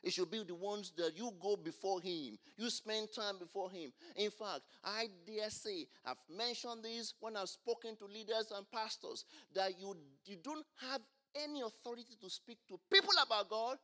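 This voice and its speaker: A man preaching a sermon, asking the congregation to finish his lines and swinging between quiet explanation and loud exclamations. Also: sits high, moderate pace, hardly any pauses. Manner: call-and-response preaching, rising to loud exclamations. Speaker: pastor.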